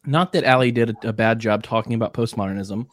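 A man's voice: medium pitch, fast. A man hosting a podcast in casual chat, joking around and talking while chewing spicy jerky. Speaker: podcast host.

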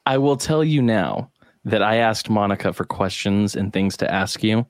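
Low-voiced man, rambling profane podcast host. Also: moderate pace, no room sound, clean studio sound. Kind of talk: casual podcast chat.

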